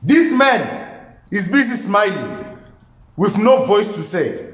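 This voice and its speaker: A man hosting a podcast, giving animated, incredulous political commentary and talking straight to his listeners. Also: high-pitched, slow, reverberant. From South Africa. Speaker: podcast host.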